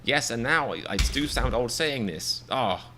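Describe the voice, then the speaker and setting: Bright-toned English man rambling live. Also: mid-range voice, lively intonation, moderate pace, a little hiss or hum. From England. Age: 30s. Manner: rambling, self-deprecating, mock-exasperated. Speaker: live reaction streamer. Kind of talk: casual live-stream chat.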